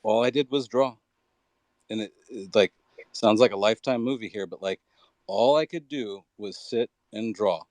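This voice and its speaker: Candid low-voiced man, dry sound. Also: moderate pace, darkish tone, no echo. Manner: candid, reflective, with frequent "like" fillers. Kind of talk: casual chat in an online audio room.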